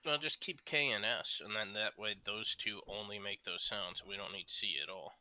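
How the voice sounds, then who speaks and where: A man's voice: on the low side, fairly even intonation, moderate pace, sharp tone, no echo, lo-fi sound. A man in casual chat who reasons things through in a thoughtful, analytical way.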